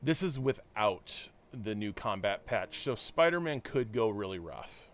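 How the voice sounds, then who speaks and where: Casual game streamer, chatty, thinks out loud, lowish voice. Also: male voice, animated, a little slow. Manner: chatty, talks to chat, thinks aloud with restarts. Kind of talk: casual game livestream commentary.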